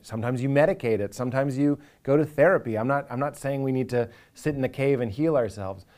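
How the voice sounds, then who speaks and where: Earnest man, middle pitch. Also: fast talker. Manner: earnest, animated, acts out inner voices with jokes. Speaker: comedian. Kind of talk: reflective interview monologue.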